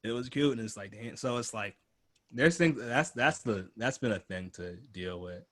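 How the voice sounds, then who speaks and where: A young man hosts a relaxed podcast conversation at an ordinary mid-range pitch. He rambles loosely, piles on filler words, and keeps a laid-back, offhand tone. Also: moderate pace. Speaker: podcast host.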